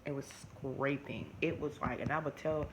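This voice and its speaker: A woman, chatting animatedly to camera and often restarting her sentences. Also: rumbling low. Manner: animated, talks fast with many restarts. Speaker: vlogger. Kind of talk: casual chat to camera. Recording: noisy home recording.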